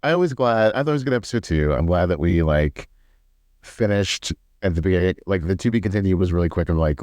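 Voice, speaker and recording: A man with a very low voice co-hosting a casual podcast. He speaks bluntly and opinionatedly and laughs easily. The recording is dry and close. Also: fast, darkish tone, no room sound. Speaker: podcast co-host. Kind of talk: casual chat.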